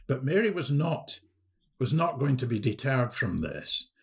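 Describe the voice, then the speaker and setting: A man, a historian guest on a podcast, telling a story in a lively anecdotal way with frequent restarts. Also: medium pitch, gravelly.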